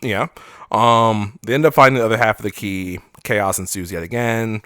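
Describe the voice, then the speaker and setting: A man's voice: fairly low pitch, moderate pace, fairly bright tone, smooth, no echo, studio quality. A man co-hosting a podcast, casually recapping a movie plot in a rambling way, swearing freely and acting out characters' lines. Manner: rambling recap with profanity and acted-out quotes. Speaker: podcast co-host. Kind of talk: casual movie review chat.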